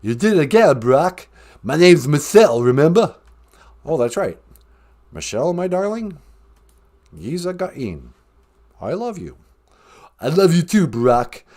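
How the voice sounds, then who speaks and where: A man's voice: on the high side, sing-song, a little slow, pauses often, a little mellow. A man doing a comedic impression of a former first lady, an insistent wife who speaks in bossy, emphatic corrections. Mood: affectionate.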